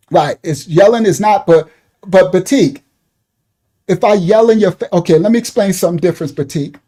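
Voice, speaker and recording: A man's voice: high-pitched, warm tone. A man giving loose, repetitive livestream commentary, talking to his chat viewers by name. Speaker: online commentator.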